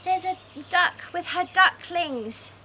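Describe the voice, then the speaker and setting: A woman's voice: very high-pitched, animated, slow pace, sharp tone, slight background noise. A woman leading a laughter yoga session, playful and encouraging, laughing often between her cues. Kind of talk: guided laughter exercise session.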